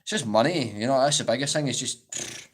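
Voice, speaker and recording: A man's voice: mid-range voice, a little fast. A Scottish man in his twenties chatting casually on a live-stream Q&A, rambling and saying "like" a lot.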